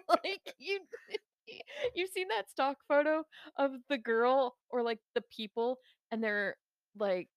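A woman's voice: high-pitched, takes it slowly, clean tone, no echo, studio quality. A woman co-hosting a podcast in casual chat, rambling and giggling with lots of fillers. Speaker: podcast co-host.

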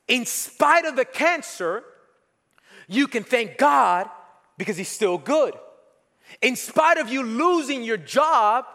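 High-pitched guy preaching in a big church hall, echo hangs around, repeats stuff for emphasis. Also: a bit bright. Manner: emphatic preaching, repeats key phrases, leads the congregation. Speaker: pastor. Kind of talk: sermon.

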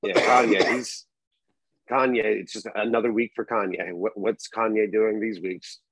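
Man co-hosting a podcast, husky voice, teasing and sweary, dry close sound. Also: lowish voice, fairly even intonation, moderate pace, a bit bright, no echo, poor audio. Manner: teasing, incredulous, swears a lot. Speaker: podcast co-host. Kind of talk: casual crude banter.

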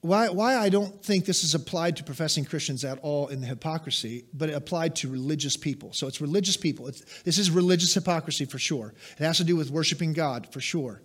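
A man preaching a sermon as pastor, emphatic, with pointed asides to the congregation. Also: on the high side. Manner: emphatic, rises and drops sharply for stress.

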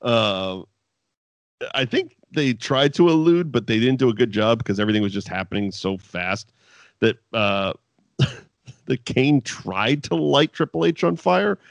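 A man's voice: medium pitch, lively intonation, a little slow, gravelly, dry recording. Guy rambling through a wrestling recap, swears a lot, laughs a bunch, voice jumps all over, dry close sound. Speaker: podcast co-host. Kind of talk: casual wrestling recap chat.

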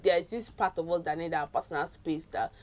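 A woman's voice: low voice, brisk. A young woman co-hosting a casual podcast chat with her sisters, laughing and mixing in pidgin. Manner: laughing, animated, mixes pidgin. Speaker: podcast co-host.

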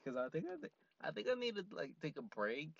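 A man's voice: fairly high pitch, huge pitch swings, fairly quick, vocal fry, a bit bright, highs cut off. A man hosting a casual solo podcast from a parked car, rambling with lots of fillers and frequent laughs. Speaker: podcast host.

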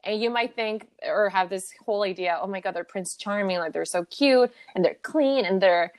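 A woman's voice: medium pitch, normal speed. A woman co-hosting a podcast in casual chat, blunt, swearing freely and laughing often. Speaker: podcast co-host.

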